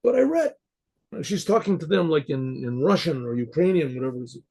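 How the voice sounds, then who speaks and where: Rabbi guy telling a story, husky gravelly voice, keeps clearing his throat. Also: mid-range voice, lively intonation, quick pace, darkish tone. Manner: conversational, frequent throat clearing and restarts. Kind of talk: storytelling sermon.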